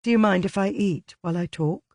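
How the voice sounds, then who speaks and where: Audiobook: a worn-out young woman, soft and halting, voiced by a man reading, set higher than his own voice. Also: no echo. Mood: tired relief. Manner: low, tired, halting. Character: tired, shaken young woman.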